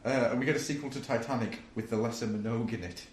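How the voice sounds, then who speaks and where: A man's voice: medium pitch, very fast. A man co-hosting a casual comedy podcast, reading out listener suggestions with amused chuckles. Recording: roomy echo with faint room noise.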